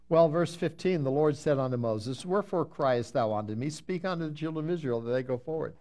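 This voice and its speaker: A man preaching a Bible-teaching sermon, reading scripture slowly with emphasis and then explaining it in a conversational way, sometimes answering his congregation. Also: on the high side, expressive, darkish tone. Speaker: pastor.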